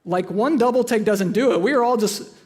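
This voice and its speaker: In a church auditorium, a pastor with a notably high, slightly mellow voice preaches briskly to his congregation. His sermon is conversational, and he teases the room while telling humorous stories from his own life.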